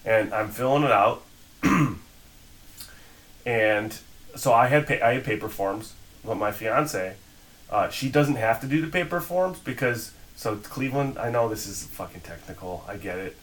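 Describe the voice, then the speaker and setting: On a casual podcast, a male co-host tells a long story in a profane, exasperated way, acting out the people in it with quoted voices. His voice is fairly low and unhurried, on a rough recording.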